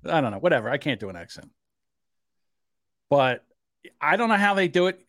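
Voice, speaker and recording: Lively, joking man on a podcast. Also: fairly high pitch, brisk, pauses often, no echo, studio quality. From Irish. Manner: jokey, laughs often, slips into mocking voices. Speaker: podcast co-host. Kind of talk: casual podcast banter.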